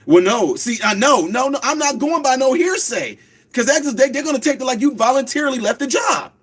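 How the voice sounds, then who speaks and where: A man hosting a radio talk show, speaking fast and preachy and slowing down to stress words. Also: very high-pitched, animated, a bit bright, slightly rough. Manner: preachy, emphatic, repeats words slowly for stress. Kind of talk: fast call-in radio talk, streamed live.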